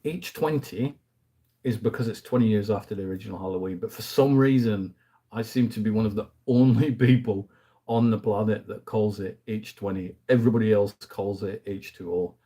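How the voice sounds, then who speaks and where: A man talks casually about films he has been watching, wandering into asides and chuckling lightly mid-sentence. His voice sits a little low, with a mellow, husky tone. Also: moderate pace. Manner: chatty and rambling, with frequent asides and fillers. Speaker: movie review host. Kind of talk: casual movie review chat.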